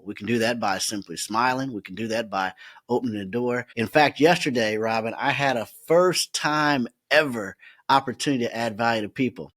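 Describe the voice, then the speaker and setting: A man who is a podcast guest, telling a story in a lively way and often laughing as he talks. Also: mid-range voice. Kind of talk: animated storytelling.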